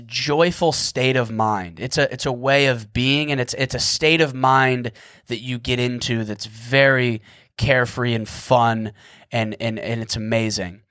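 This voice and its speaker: A man's voice: mid-range voice, a bit bright, clean tone, dry recording, clean studio sound. A man in his thirties hosting a solo podcast, goofy and rambling, at times frantic and sarcastic. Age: 30s. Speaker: podcast host.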